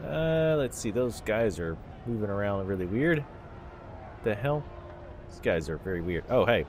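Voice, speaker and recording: A man's voice: fairly low pitch, big pitch swings, unhurried, darkish tone, a little hiss or hum. A man casually commenting while playing a game, chatting wryly and thinking aloud. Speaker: let's play commentator.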